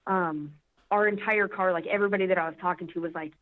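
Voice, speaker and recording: A woman athlete telling a story in casual interview chat, emotional and animated, with lots of fillers. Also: fairly low pitch, quick pace. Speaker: podcast guest, strongwoman athlete. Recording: phone-line quality.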